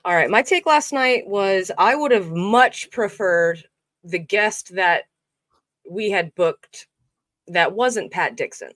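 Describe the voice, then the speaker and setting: A woman's voice: mid-range voice, expressive, slow, a bit bright, dry recording. A woman appearing as a guest on a podcast, chatting in a playful, easygoing way. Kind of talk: casual chat.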